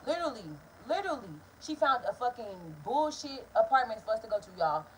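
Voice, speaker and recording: A young woman vlogger telling a story, blunt and profane in an animated casual storytime. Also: fairly high pitch, a little fast, a little hiss or hum, poor audio.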